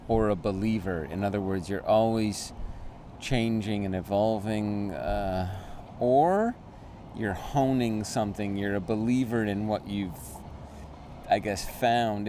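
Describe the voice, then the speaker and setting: A man's voice: fairly low pitch, warm tone. A man interviewing a musician, loose and casual, swearing now and then. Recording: faint street and traffic noise.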